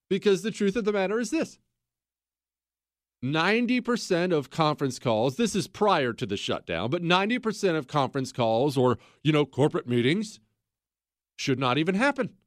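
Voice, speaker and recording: Male talk host, high voice, dry close mic, chatty and sarcastic, laughs often. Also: sing-song, normal speed, dry recording. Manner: laughs a lot, rambling and sarcastic. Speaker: radio talk show host. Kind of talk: casual talk radio monologue.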